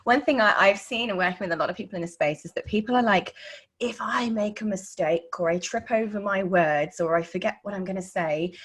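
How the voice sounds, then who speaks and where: A woman's voice: mid-range voice, fairly quick, husky. A woman hosting a podcast interview, chatting casually and animatedly, often laughing and acting out little quotes. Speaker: podcast host.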